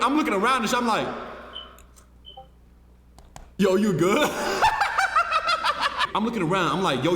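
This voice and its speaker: Young male streamer, casual storyteller, animated and profane, slightly high voice, echoey room with long reverb. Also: a little hiss or hum. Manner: animated, profane, repeats himself, swings between hushed and shouting.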